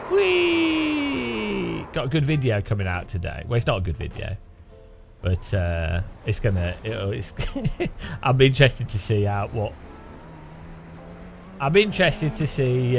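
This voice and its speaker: A man's voice: medium pitch, animated, normal speed, over music. A man streaming a game, rambling and joking with his chat in a self-mocking way. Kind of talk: casual live stream chat while gaming.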